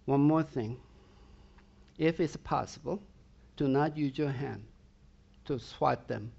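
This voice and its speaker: A man preaching a sermon in a slow, deliberate cadence, his fairly high voice roughened by a gravelly edge. He is emphatic and direct, and he often checks in with the congregation through rhetorical questions. The recording sounds dull and lo-fi. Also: a little mellow. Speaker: pastor.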